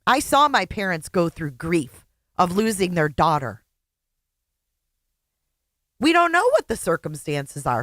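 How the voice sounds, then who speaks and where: A woman's voice: mid-range voice, a bit bright, no room sound, studio quality. A woman host reacting to a clip with blunt, angry commentary and heavy swearing.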